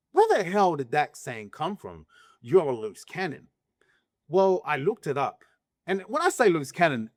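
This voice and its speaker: A man's voice: medium pitch, no echo, clean studio sound. A man talking straight to camera in a casual opinion monologue, emphatic, asking rhetorical questions and restarting his sentences. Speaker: vlogger.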